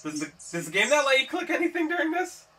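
A man's voice: extremely high pitch, sing-song, fast talker, distant mic, a crowd in the background. A man co-hosting a let's play, joking, teasing and laughing with his friend. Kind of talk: joking gameplay banter.

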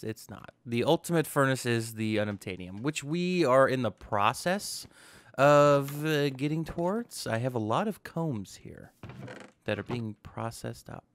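Gravelly young man chatting through gameplay. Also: mid-range voice. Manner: chatty, self-talking, joking asides. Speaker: gaming channel host. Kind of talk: casual gameplay commentary.

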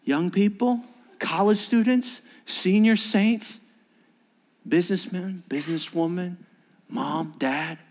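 A male pastor with a high-pitched voice delivers a sermon as lively storytelling. He pushes hard on key words, then drops to hushed, intimate asides. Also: takes it slowly. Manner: animated storytelling, swinging from loud emphasis to hushed asides.

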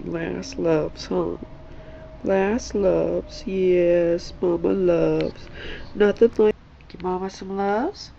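A woman vlogger talking softly to her old cat and her viewers, in tender coaxing baby talk, sometimes whispering. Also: lowish voice, fairly even intonation, creaky, dull audio, slight background noise. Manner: slow, gentle, at times whispered. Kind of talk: soft chat to a pet and viewers.

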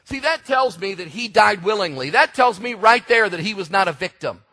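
A man preaching a sermon, telling stories with animated delivery and sudden shouted emphasis. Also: sits high, normal speed. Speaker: pastor.

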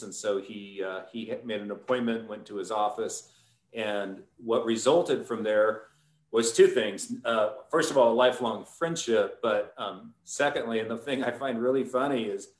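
A man, a winemaker, telling a long story in a relaxed, rambling way on a live stream, with many fillers. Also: on the low side, normal speed, reverberant.

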